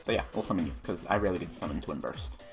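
A man's voice: deep voice, lively intonation, very fast, gravelly, over music. Swearing young man ranting over a card game. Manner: frustrated ranting, heavy swearing; muttering while reading cards. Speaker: card game video host. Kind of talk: live game commentary.

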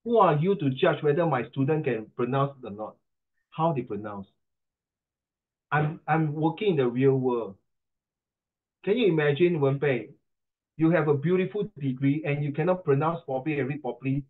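A man's voice: a little high, normal speed, long pauses. A middle-aged man with a Singaporean English accent, coaching pronunciation in an online class, chatty and teasing, slipping into Mandarin. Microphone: video call. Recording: tinny video call line.

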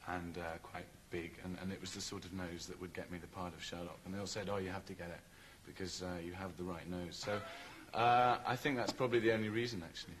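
Modest young man with a very deep voice. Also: fairly even intonation, quick pace, few pauses, background noise. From Scotland. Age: young adult. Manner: modest, hesitant, self-deprecating. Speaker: young guest actor. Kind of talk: TV chat show interview.

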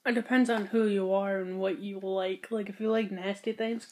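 A young woman chatting casually with a friend, loud, blunt and dramatic, often laughing through her words. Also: medium pitch, steady tone, moderate pace. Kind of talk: casual chat.

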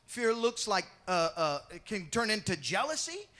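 A male pastor preaching an animated sermon, acting out Bible scenes and joking with the congregation. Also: sits high. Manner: animated, acts out the Bible scenes in quick voices and shouts; jokes with the congregation.

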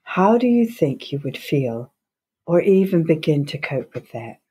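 A woman hosting a podcast interview, speaking slowly, gently and earnestly. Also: deep voice, sing-song, husky. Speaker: podcast host.

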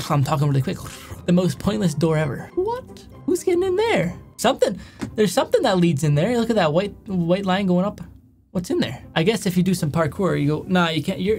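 A man's voice: high-pitched, a little mellow. A young man doing casual reaction commentary, rambling and correcting himself as he goes, often chuckling. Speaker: YouTube commentator.

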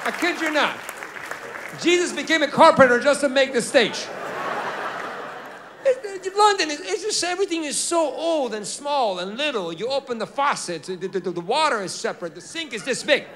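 A man performs stand-up on a theater stage into a handheld mic, his voice pitched very high and bright. He is animated and incredulous, firing off punchy rhetorical questions. Faint audience laughter and light room noise sit behind him. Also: moderate pace, a faint crowd. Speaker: stand-up comedian. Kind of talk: stand-up comedy set.

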